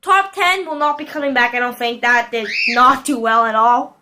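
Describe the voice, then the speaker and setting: A young woman giving casual commentary over a football video game, shouting and squealing at plays and chatting to her pet bird. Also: on the high side, moderate pace. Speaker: gaming video host.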